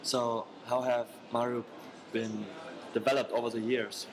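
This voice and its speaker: A man's voice: mid-range voice, level tone, measured pace, background noise. A man interviewing a guest, asking plain, slightly hesitant questions.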